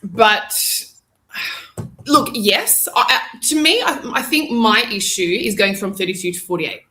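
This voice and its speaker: A woman joins a casual football panel over a video call. Her voice is bright and sharp, and she is chatty and opinionated, laughing easily. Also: mid-range voice, expressive, a little slow, slight background noise. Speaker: panel guest.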